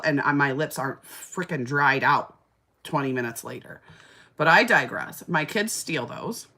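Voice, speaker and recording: Woman, 30s, live-stream seller; lowish, tense-bright voice, gushy and casual. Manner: chatty, gushing, fillers like "like" and "oh my gosh". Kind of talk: casual live-stream chat reading comments.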